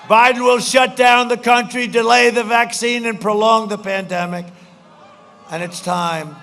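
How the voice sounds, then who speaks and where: A man's voice: very high-pitched, little pitch movement, moderate pace, bright, forceful tone, faint music behind. A man giving a campaign rally speech on a stage mic outdoors, repetitive and boastful, slipping into mocking quoted voices. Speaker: political speaker at a campaign rally.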